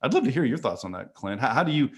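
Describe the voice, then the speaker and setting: A man's voice: mid-range voice, very animated, rapid-fire. A man speaking as a guest on a casual panel call, earnest and repeating words as he thinks.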